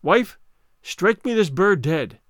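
Ruined peasant wagoner, quick to rage, drawn-out loud laments, read by a man. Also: high voice, expressive, dry recording, clean studio sound, exaggerated voice. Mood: angry. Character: despairing hot-tempered peasant wagoner.

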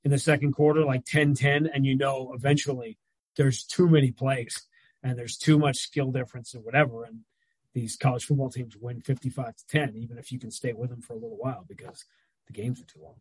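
A man, a radio play-by-play announcer, talking sports as a guest on a video call, telling animated stories with quick asides. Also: mid-range voice, slightly rough, no echo, rough recording. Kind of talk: casual sports talk over video call.

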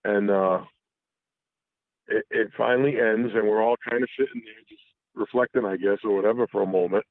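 A man's voice: lowish voice, steady tone, brisk, no room sound. A man calling in to a talk show, telling a candid personal story in a rambling way full of restarts and profanity. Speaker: caller. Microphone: phone. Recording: tinny phone line.

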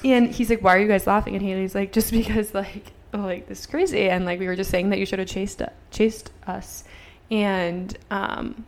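She's a podcast co-host in her twenties whose mid-range voice stays steady at normal speed. Telling a story in casual chat, she fills it with fillers and acts out snippets of dialogue with swearing.

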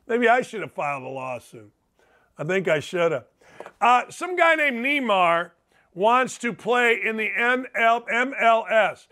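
Middle-aged male sports host, ranting and profane, high-pitched and edgy tone. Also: sing-song, measured pace, bright, forceful tone. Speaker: sports talk show host. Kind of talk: opinionated podcast monologue.

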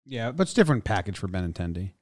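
A man's voice: lowish voice, sing-song, very fast. A man co-hosting a casual sports podcast, talking in a skeptical, conversational way.

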